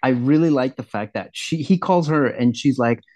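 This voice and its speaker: A man's voice: mid-range voice, moderate pace, darkish tone, no echo. Guy on a podcast, swears a lot, acts out what people said, dead dry mic. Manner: emphatic, swears often, acts out quotes. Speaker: podcast co-host. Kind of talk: casual chat.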